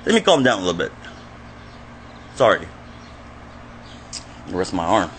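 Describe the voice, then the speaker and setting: A man filming himself in an agitated, profane rant that often breaks into shouting. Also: low voice, sing-song, unhurried, a little hiss or hum. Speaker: vlogger. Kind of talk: angry self-filmed rant.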